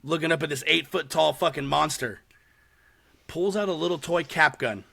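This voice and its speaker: A man hosting a podcast, telling a story in casual chat with animated delivery and lots of swearing. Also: a little high, normal speed, gravelly. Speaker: podcast host. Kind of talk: casual chat recapping a horror short.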